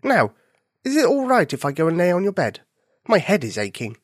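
A man's voice: sits high, wildly swooping pitch, fairly quick, husky, no room sound, studio quality, voice pushed up, heavily acted. A man voicing a sick, miserable male bunny who talks in a weary, sniffly, subdued way.

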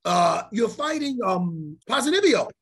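A man hosting a podcast, telling a story in a profane, animated way and acting out the lines of the people in it. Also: high voice, measured pace, breathy edge. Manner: profane, animated storyteller who acts out quotes. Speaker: podcast host. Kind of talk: casual storytelling chat.

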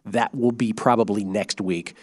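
A man with a lowish voice hosts a sports betting podcast, explaining bets in an animated, casual manner full of quick asides.

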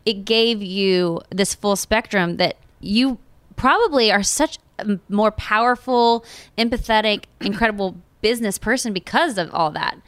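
A woman's voice: medium pitch, normal speed, fairly bright tone, no room sound. A woman interviewing a guest in a casual conversation, asking affirming questions.

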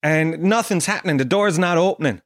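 A man's voice: fairly high pitch, fairly quick, no room sound, clean studio sound. Swearing Irish man telling stories. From Ireland. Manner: animated storytelling, swears a lot, acts out quotes. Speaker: podcast host. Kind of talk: casual comedic monologue.

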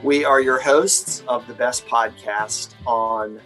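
A man hosting an education podcast, talking in a relaxed, chatty way with his co-hosts. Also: medium pitch, faint music behind, low-quality recording. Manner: relaxed, chatty, reads sponsor copy quickly. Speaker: podcast host. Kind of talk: casual podcast chat.

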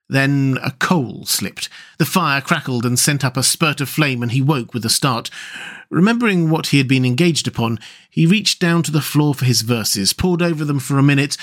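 A man reading a classic children's story aloud, measured and expressive. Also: medium pitch.

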